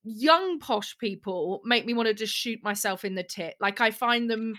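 A woman's voice: a little high, moderate pace, a bit bright. A young woman chatting casually on a podcast, candid and sweary, often laughing. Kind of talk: casual chat.

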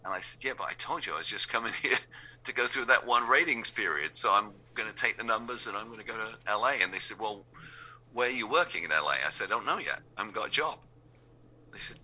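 A man's voice: fairly low pitch, lively intonation, a little fast, pushed and bright. A man with an English accent, a radio DJ telling anecdotes and acting out the dialogue of the people in them. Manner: acts out remembered dialogue in quoted voices. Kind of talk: anecdotal storytelling.

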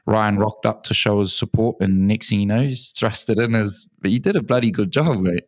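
A man's voice: fairly low pitch, brisk, no room sound. A man hosting an interview in an office studio, enthusiastic and matey, often calling his guest mate or bro. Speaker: podcast host. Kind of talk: casual interview.

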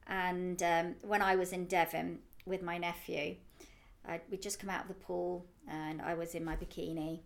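A woman co-hosts a relaxed podcast. She tells her stories chattily and giggles often. Her voice has a gravelly fry. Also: lowish voice, moderate pace. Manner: chatty anecdotal storyteller, giggly. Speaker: co-host. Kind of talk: casual chat.

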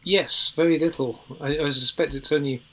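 A man's voice: fairly high pitch, fairly even intonation, normal speed, sharp tone, poor audio. A man on a podcast panel chatting casually, weighing his opinions with ums and qualifiers. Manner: thoughtful, qualifying opinions with fillers.

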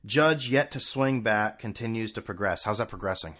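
A man's voice: fairly low pitch, moderate pace, hardly any pauses, a bit bright. A man hosting a sports podcast, ranting sarcastically and swearing. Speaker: podcast host.

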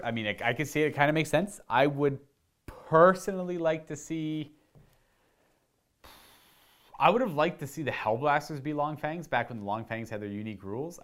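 A young man from Canada casually answering viewer questions about tabletop wargaming, chatty and rambling with enthusiasm. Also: fairly low pitch. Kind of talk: casual live Q&A chat.

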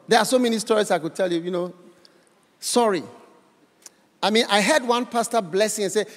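A man's voice: high-pitched, fast, fairly bright tone, big-room sound. A man preaching an impassioned altar-call sermon, exhorting the crowd with repeated phrases and breaking into tongues. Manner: repetitive, exhorting, speaks in tongues. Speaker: guest preacher. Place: large church hall.

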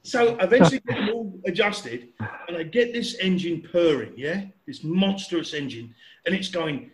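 A man in his sixties telling a casual, animated anecdote, chatty and acting out sounds and voices. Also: high-pitched, normal speed, echoey room. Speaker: storyteller.

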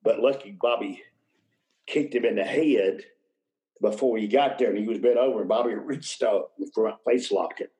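An older man talks through his memories in a relaxed interview. His voice sits low, and he drifts from one story to the next, laughing softly mid-sentence. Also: normal speed, low-quality recording. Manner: rambling anecdotes, chuckles mid-sentence. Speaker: guest, retired wrestler.

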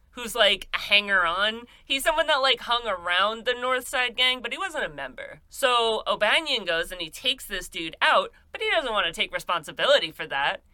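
A woman's voice: mid-range voice, sharp tone, no room sound. A woman telling a crime story in a chatty, sarcastic, profane way, as a podcast host. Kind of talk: casual true-crime storytelling.

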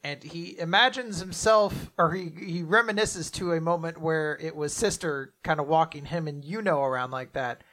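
A man co-hosting a casual manga discussion, retelling chapters loosely with profanity and quick character voices. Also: fairly high pitch, fairly bright tone. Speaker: podcast co-host. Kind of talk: casual manga recap chat.

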